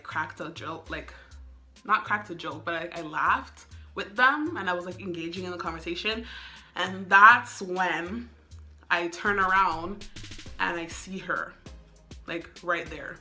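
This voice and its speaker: A woman's voice: on the low side, pushed and bright. A young woman telling a casual storytime, chatty and full of "like" and "um.". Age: young adult. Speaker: vlogger.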